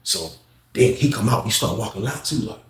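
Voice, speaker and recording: A man's voice: lowish voice, lively intonation, a little fast. Slangy man telling a story, echoey room. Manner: slangy, repetitive, acts out others' lines in a raised voice. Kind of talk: casual storytelling.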